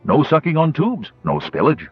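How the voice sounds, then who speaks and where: A man puts on a fussy, self-important little gnome inventor for an audiobook, pitched well above his own low voice and full of grandiose, wordy eagerness. The delivery swings widely in tone, with a husky edge and a dry, slightly muffled sound. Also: huge pitch swings, moderate pace, faint music behind, exaggerated voice. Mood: triumphant. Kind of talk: audiobook character voice.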